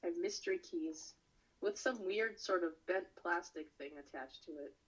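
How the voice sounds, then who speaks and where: Husky woman on dull lo-fi audio. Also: lowish voice, moderate pace. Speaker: podcast co-host. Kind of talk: crude casual storytelling. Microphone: webcam on a video call.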